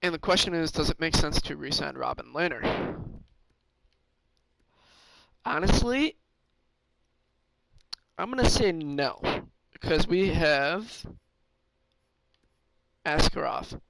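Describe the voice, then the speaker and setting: Halting, gravelly male gaming streamer. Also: a little high, expressive, fairly bright tone, a little hiss or hum, low-quality recording. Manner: thinks aloud, halting with fillers and restarts. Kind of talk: casual gameplay commentary.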